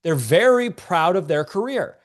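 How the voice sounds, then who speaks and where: A man's voice: sits high, lively intonation, unhurried. A man teaching a live-streamed business class, a bit congested, talking in a casual, joking, slangy way to viewers in a chat. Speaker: online business coach.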